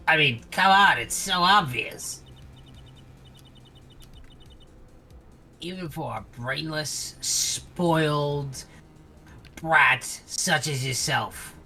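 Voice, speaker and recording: A man's voice: medium pitch, creaky, pushed and bright, heavily acted. A man voicing a scheming young woman in a fan voice-over of a game, sly and mocking. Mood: scornful.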